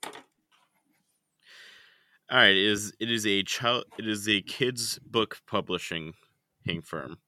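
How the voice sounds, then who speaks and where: A man's voice: lowish voice, slow, pauses often, pushed and bright, dry recording. A man co-hosting a podcast in casual chat, laid-back and sweary, laughing often. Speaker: podcast co-host.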